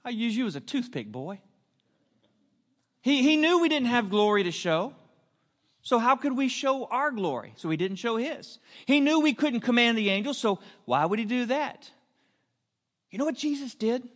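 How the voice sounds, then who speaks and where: A male pastor preaching a sermon, emphatic, with rhetorical questions and drawn-out punch lines, in a church hall. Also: very high voice.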